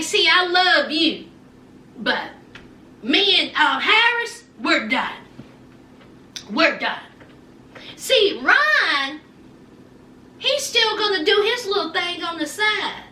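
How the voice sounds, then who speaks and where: A sassy woman chats through a TV recap, her voice very high and lively as it swoops around. She talks slowly and takes her time over each line. She sounds echoey and a little distant from the mic. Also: a little hiss or hum. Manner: sassy, animated storytelling with quoted voices. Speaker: recap vlogger. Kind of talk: casual TV recap chat.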